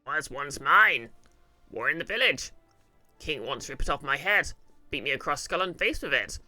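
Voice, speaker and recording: Man doing a loud, uneasy goblin chief. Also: on the high side, expressive, no echo, soft background music. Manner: loud, halting broken grammar. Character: anxious male goblin chief, broken speech. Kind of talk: video game voice acting.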